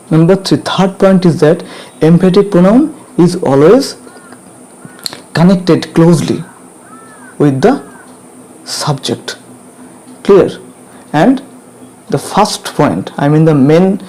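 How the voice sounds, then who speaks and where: A man with an Indian English accent explains grammar at a very slow, deliberate pace, going over each point several times. His voice sits a little high but sounds mellow and dark. He keeps checking in with his students. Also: rough recording. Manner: repetitive, drills points, checks with "clear?".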